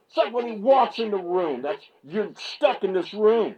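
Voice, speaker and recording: Fired-up husky man ranting. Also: high-pitched, moderate pace, rough recording. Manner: fired-up, ranting, repeats himself, stammers when excited. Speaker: MMA media commentator and channel host. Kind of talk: reaction video rant. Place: small home video set.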